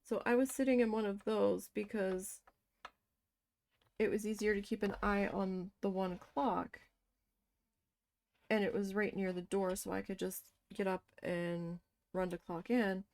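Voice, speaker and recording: A woman casually telling a story from her past, animated and swearing as she quotes her own shocked reactions. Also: medium pitch, a little slow, creaky, pauses often. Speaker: crafting vlogger.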